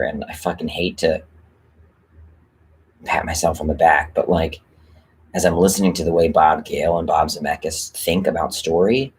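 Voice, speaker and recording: A man's voice: low voice, slightly rough. A man hosting a live stream and talking casually about rewriting a script, rambling and candid, with lots of fillers and casual swearing. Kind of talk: casual livestream chat.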